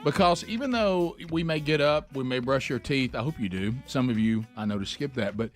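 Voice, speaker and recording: A man's voice: medium pitch, a little fast, soft background music. A man hosting a radio show, telling a story with lots of laughter and repeated "I said". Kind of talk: morning radio banter and storytelling.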